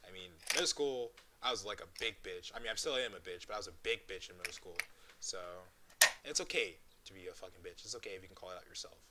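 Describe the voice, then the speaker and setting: A young man co-hosting a casual chat, telling stories in an animated, profane way. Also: sits low, quick pace. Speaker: co-host. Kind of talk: casual chat among friends. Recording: noisy stream audio.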